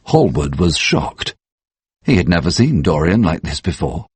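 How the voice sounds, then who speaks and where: A man narrating a story for English learners in a measured, steady way. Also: sits low, slightly rough, no room sound.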